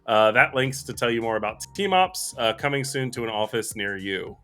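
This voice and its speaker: A man's voice: mid-range voice, lively intonation, moderate pace, sharp tone, faint music behind. A man co-hosting a live coding stream, chatting casually and thinking aloud in a self-deprecating way.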